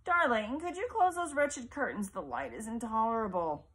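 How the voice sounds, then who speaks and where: A woman's voice: fairly high pitch, very animated, normal speed, slightly rough, pitched above the performer's own voice, exaggerated voice. Woman voicing a frail, imperious mother. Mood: fretful. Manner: plaintive then sharp and suspicious.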